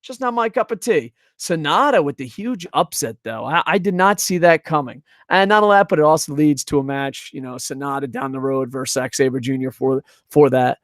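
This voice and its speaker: A man's voice: on the high side, fairly quick, hardly any pauses, dry recording, studio quality. Profane, rambling male stream commentator. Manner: rambling, profane, reads chat aloud. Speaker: wrestling review streamer. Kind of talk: casual live-stream commentary. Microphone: desk microphone.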